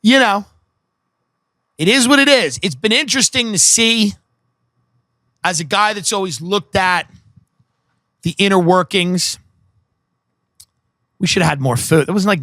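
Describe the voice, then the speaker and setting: Measured and full of pauses, this man hosts a podcast, ranting crudely and sarcastically for laughs at the expense of those he talks about. His high voice is animated and sharp, recorded clean in a studio with no room sound.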